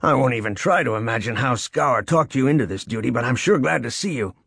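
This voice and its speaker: A man voicing a wounded male intelligence officer who speaks in a raspy, urgent way. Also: medium pitch, expressive, fairly quick, a bit bright, no room sound, studio quality, exaggerated voice.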